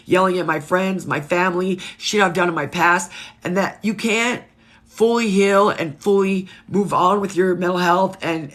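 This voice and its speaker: A woman's voice: lowish voice, a bit bright. A woman in her thirties hosting a casual livestream, talking frankly and emotionally, swearing freely and greeting viewers by name. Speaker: livestream host.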